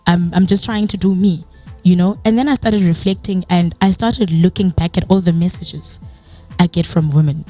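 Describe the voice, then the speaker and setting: A woman's voice: on the low side, steady tone, moderate pace, mellow, soft background music. A young woman with a South African accent, giving a motivational personal talk as a guest speaker. She tells her story in a chatty way, fills it with "you know", and acts out the dialogue she quotes.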